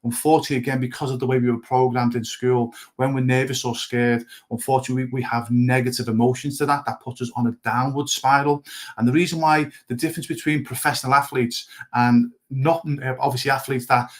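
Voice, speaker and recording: A man's voice: mid-range voice, little pitch movement, fast. A man giving a motivational coaching talk to goalkeepers, repeating "guys, okay" often.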